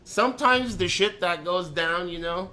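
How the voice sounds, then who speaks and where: A man telling a story in a casual, profane rant, swinging between loud outbursts and low mutters. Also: moderate pace. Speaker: storyteller on a live stream.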